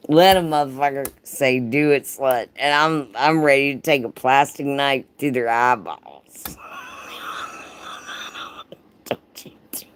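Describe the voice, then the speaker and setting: A woman's voice: extremely low pitch, steady tone, slow pace, pauses often, a little hiss or hum. A woman hosting a livestream, reading a racy story aloud and breaking off to tease her chat with profane jokes and frequent laughter. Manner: profane, teasing, laughs often, talks to chat by name. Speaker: livestream host.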